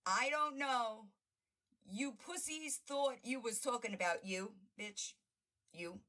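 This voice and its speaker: Brash woman streamer trash-talking while reacting to clips, bright voice, sarcastic and profane. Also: on the high side, slow pace. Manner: brash and profane, often laughing; mocking and sarcastic. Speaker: livestream host. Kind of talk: casual reaction commentary.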